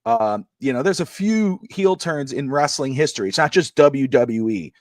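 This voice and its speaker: A man co-hosting a sports talk show, chatting casually in an excitable, rambling way and often restarting his sentences. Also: on the high side, moderate pace, no room sound, studio quality. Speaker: sports podcast co-host.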